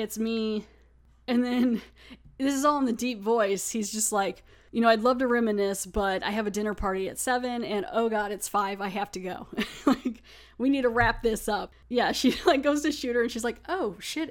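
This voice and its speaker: A young woman hosting a podcast, recapping a TV episode in loose, chatty conversation. She laughs often and leans on "like" as she retells scenes. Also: mid-range voice. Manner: chatty, laughs, many "like" fillers. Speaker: podcast host. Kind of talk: casual episode review.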